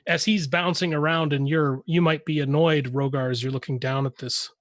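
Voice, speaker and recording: A man narrating a tabletop game as game master, often pausing and restarting his sentences. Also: on the high side, steady tone, dry recording. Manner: hesitant, many restarts while describing.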